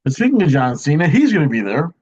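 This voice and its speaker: Male co-host, casual chat, relaxed, higher-pitched, dull lo-fi audio. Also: fast, husky. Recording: muffled lo-fi audio.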